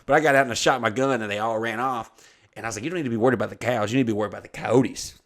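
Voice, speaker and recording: A man's voice: mid-range voice, very fast. Profane storytelling man. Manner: animated, swearing, bursts of laughter. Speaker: podcast co-host telling a story.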